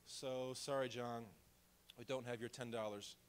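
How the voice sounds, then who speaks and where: A man's voice: medium pitch, flat delivery, measured pace, clean tone, pitched below the performer's own voice, close to an everyday voice. A man voicing a talking stuffed donkey in a sermon story, making sheepish excuses. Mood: apologetic. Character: sheepish talking toy donkey, male, would-be filmmaker.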